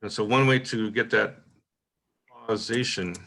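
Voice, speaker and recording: A man hosting a poetry workshop, giving a relaxed, informal lecture and reading the same example line aloud in different ways. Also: lowish voice, measured pace, gravelly. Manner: relaxed, thinking aloud with frequent "uh" and "right?".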